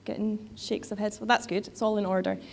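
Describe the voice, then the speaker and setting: A woman's voice: mid-range voice, fairly even intonation, fairly quick, vocal fry. A woman giving a sermon in a conversational way, with frequent fillers and restarts. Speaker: preacher.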